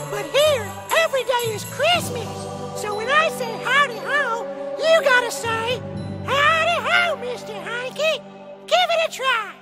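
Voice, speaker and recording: An actor voicing a cheerful, folksy talking Christmas poo, a father, in a cartoon game, with a squeaky, chirpy voice.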